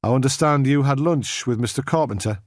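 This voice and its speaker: A methodical police inspector who keeps his questions formal and businesslike, as a male narrator plays him. The voice is measured and mid-pitched, recorded dry and close for an audiobook. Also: no room sound, close to an everyday voice. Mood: probing.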